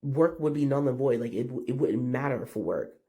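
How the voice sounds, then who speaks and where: A man with a groggy, gravelly morning voice gives casual, slangy commentary and keeps asking the audience questions. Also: mid-range voice, expressive, normal speed, dark tone.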